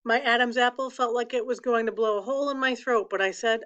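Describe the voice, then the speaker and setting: A woman reading a novel aloud to her class, with feeling, slowing and softening on the sad lines. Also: fairly high pitch, fairly even intonation, muffled recording. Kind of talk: expressive read-aloud of a novel.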